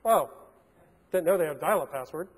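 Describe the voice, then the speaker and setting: A man with a high voice tells stories from a conference stage, animated and prone to stumbling restarts. His words ring out with a long reverb tail through a large hall. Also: brisk, breathy edge. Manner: animated, acts out phone calls in changed voices, frequent restarts. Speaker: keynote speaker. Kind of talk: storytelling keynote talk.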